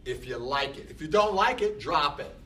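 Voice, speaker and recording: A man's voice: a little high, lively intonation, fairly quick, a bit bright. An older man teaching a class, speaking emphatically and repeating short phrases for effect. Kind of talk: classroom lecture. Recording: distant mic with faint background noise.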